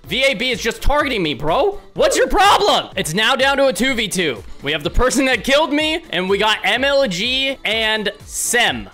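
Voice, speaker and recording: Young male gaming host, high lively voice, excitable commentary, yells at teammates. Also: normal speed, few pauses, soft background music. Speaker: gaming YouTuber. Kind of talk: gameplay commentary.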